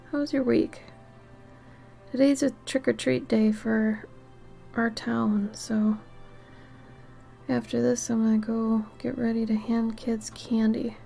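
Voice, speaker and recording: A tired woman chatting casually with viewers while she draws on a livestream, soft-spoken and often dropping into half-whispered asides. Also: on the high side, creaky. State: tired, yawning. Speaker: art livestreamer. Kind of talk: casual chat while drawing on stream.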